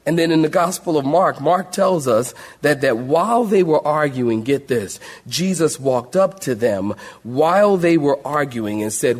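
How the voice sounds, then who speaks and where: Animated man preaching a Bible study. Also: mid-range voice, a little slow, few pauses. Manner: animated, conversational storytelling with humor. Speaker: pastor. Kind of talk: sermon-style Bible study.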